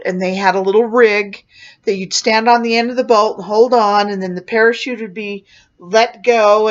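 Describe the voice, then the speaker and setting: Slow-talking woman telling a story. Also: medium pitch. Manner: animated, voices others in the tale. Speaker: clown storyteller. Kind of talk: personal storytelling. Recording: dull lo-fi recording.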